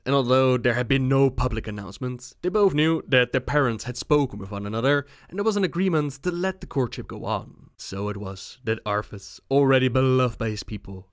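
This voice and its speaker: A man narrating video game lore in a measured, calm storytelling manner. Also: medium pitch, no room sound, clean studio sound.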